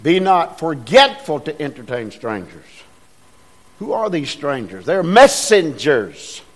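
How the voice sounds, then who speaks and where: A man's voice: a little high, sing-song, a little slow. A man preaching a sermon as pastor, folksy and rousing, calling out to the congregation. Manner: folksy, call-and-response preaching with rising bursts.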